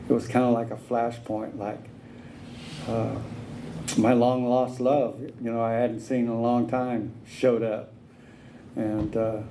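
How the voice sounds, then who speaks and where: A man's voice: medium pitch, noisy background. A man speaking at a recovery meeting, telling his own story in a plainspoken, drawling way, with many "uh"s and "you know"s.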